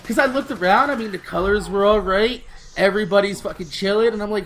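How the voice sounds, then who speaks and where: A man in his late twenties with a fairly high voice tells a story as he plays, laid-back and rambling. He curses constantly and slips into street slang, with faint noise in the background. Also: lively intonation, fairly quick. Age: late 20s. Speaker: gaming channel host. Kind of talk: storytelling over gameplay.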